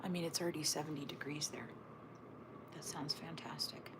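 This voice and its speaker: A woman with a low voice hosts a casual livestream at home, overlooking a snowy backyard as she chats with viewers, answers their comments and often drops to a whisper. She speaks at a moderate pace, with steady background noise in the recording.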